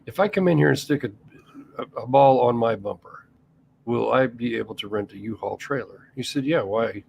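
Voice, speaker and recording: A man in casual podcast chat, wry and quick to laugh, who tells stories and swears freely. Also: mid-range voice, gravelly, darkish tone, a little hiss or hum. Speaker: co-host.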